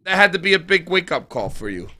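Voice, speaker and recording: A man's voice: high-pitched, very animated, quick pace, a crowd in the background. A man hosting a podcast in casual chat, blunt and swearing freely. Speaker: podcast host.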